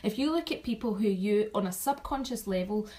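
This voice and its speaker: A woman talking casually to her team, chatty and animated, repeating herself and restarting sentences as she shares notes from an event. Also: mid-range voice, brisk, rough recording. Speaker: vlogger sharing event takeaways.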